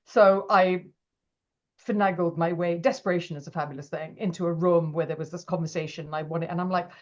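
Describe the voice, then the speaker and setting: Animated woman telling stories. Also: on the low side, a little fast, highs cut off. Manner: animated, acts out quoted voices, laughs often. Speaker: podcast guest. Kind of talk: casual interview storytelling.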